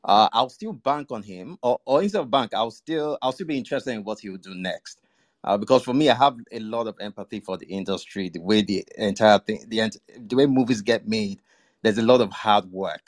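Low-voiced man, measured and diplomatic. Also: no echo, clean studio sound. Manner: measured, diplomatic, many fillers. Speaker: panel guest. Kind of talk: casual panel chat.

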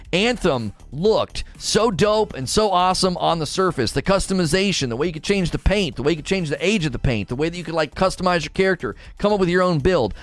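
A man in his thirties hosting a podcast in casual chat, animated and excitable, acting out quotes in his own voice. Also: on the high side. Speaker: podcast host.

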